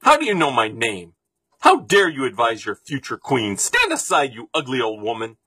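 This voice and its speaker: A man reading a storybook aloud, voicing a proud, greedy young woman who is haughty and falsely sweet, with a husky voice. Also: medium pitch, wildly swooping pitch, moderate pace, bright, forceful tone, no room sound, heavily acted.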